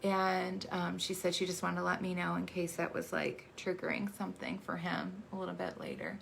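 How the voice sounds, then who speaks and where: An adoptive mother in her thirties shares a personal story, her words halting and full of restarts as she fights back emotion. Her voice sits low and flat, with a gravelly fry. A faint hiss runs underneath. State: emotional, choking up.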